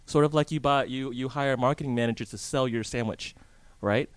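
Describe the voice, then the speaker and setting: A man's voice: mid-range voice, steady tone, brisk, clear, resonant tone, dry recording. A man guesting on a radio show, chatty and conversational, tossing questions back at the hosts. His voice sits in the middle range and the mic sound is dry and close. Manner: chatty, asks the hosts questions, restarts often. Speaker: real estate guest. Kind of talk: casual radio interview. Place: radio studio in a hotel.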